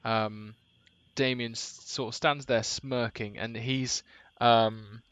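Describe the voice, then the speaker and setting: A man narrating as game master, hesitant and full of pauses and restarts. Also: mid-range voice, steady tone, a bit bright, clear, resonant tone, no echo. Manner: hesitant, many ums and restarts.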